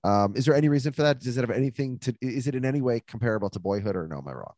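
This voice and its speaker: A man's voice: mid-range voice, dry recording. A man hosting a podcast in casual chat, joking and teasing as he runs through a list. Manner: joking, teasing, quick and lively. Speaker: podcast host.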